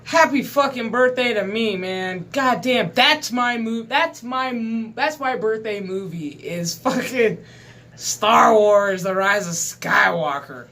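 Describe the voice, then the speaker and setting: A man in his thirties hosts his gaming channel, ranting in a casual, profane monologue full of exasperated emphasis. His voice is high and sharp, and he takes it slowly.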